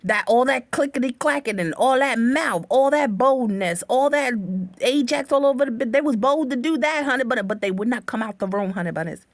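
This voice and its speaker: A woman telling a story from her own life to her viewers, animated and profane, often calling them honey bunnies, speaking into a phone. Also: a little high, brisk, few pauses, dry recording. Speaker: livestream host.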